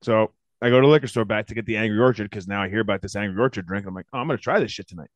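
A man's voice: lowish voice, racing, no room sound. A middle-aged man co-hosting a podcast, telling rambling stories in casual, profane chat. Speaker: podcast co-host.

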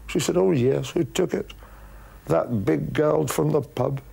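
A man playing an eccentric, boastful Scottish golf coach with a Scottish accent, rambling deadpan through his memories in a comic monologue. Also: fairly high pitch, measured pace, gravelly, breathy edge, heavily acted. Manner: deadpan rambling reminiscence with dry asides.

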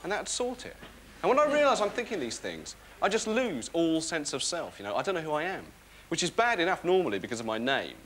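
A sitcom lead plays a neurotic, sleepless young man, rambling wryly and mocking himself in comic monologue and dialogue. His voice is fairly high, very animated, slightly bright and a little fast, heard on a noisy TV broadcast recording with some chatter behind.

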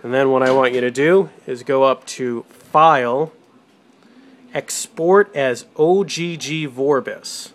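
A man's voice: mid-range voice, slow. Man giving step-by-step computer setup instructions. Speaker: tutorial presenter for a radio show. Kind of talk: casual screen-recorded tech tutorial. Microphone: desktop USB microphone, moving toward and away from it.

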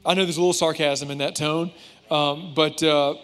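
A man's voice: a little high, fairly even intonation, moderate pace, fairly bright tone, faint music behind. Casual man addressing his church. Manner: casual, joking, with y'all and fillers. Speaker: pastor.

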